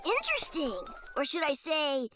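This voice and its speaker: A woman voicing a cheeky, impatient ten-year-old boy in an animated cartoon, speaking in quick, excited outbursts. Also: high voice. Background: background music.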